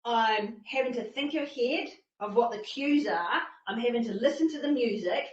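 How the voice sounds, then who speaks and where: A woman fitness instructor telling a personal story in an animated talk, acting out her own panicked thoughts. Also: on the high side, normal speed. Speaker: fitness instructor and masterclass speaker. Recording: distant, echoey and dull-sounding.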